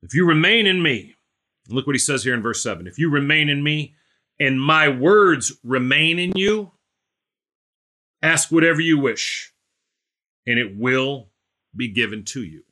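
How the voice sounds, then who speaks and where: Guy leading a bible study, bright forceful voice, keeps repeating himself for emphasis. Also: mid-range voice, expressive, a little slow, pauses often. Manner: emphatic, repeats phrases, asks the group rhetorical questions; calls on listeners by name. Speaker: Bible teacher. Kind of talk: informal Bible study teaching.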